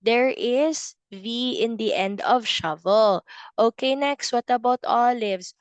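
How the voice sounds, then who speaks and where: A woman leads a preschool phonics class at a slow, unhurried pace. Her voice is smooth and clear, and she draws words out and repeats them patiently. The sound is close and dry. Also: a little high, dry recording. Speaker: preschool teacher. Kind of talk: phonics lesson for young children.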